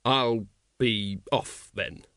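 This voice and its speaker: A man voicing a bitter, weary male watch captain who speaks gruffly and dryly, in an audiobook reading. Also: mid-range voice, sing-song, normal speed, no echo. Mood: awkward. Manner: gruff, dry.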